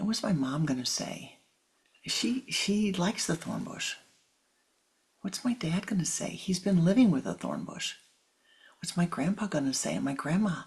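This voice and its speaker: Woman voicing an anxious little girl, unsure, questioning, soft and slow. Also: fairly low pitch, vocal fry.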